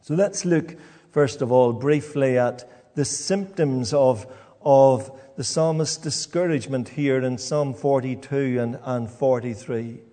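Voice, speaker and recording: Preacher with a mellow voice in a reverberant hall. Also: male voice, medium pitch. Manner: halting, repeats words as he goes. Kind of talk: sermon. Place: church.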